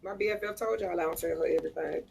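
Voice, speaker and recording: A woman's voice: on the low side, racing, creaky, darkish tone, a little hiss or hum. A woman joining a live stream panel, chatting in a brash, teasing and crude way. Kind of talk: casual live stream chat.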